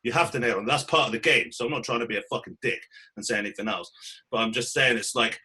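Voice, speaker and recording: A man co-hosting a podcast, telling stories in a casual, sweary, animated way. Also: medium pitch, quick pace, breathy edge. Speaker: podcast co-host. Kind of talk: casual chat.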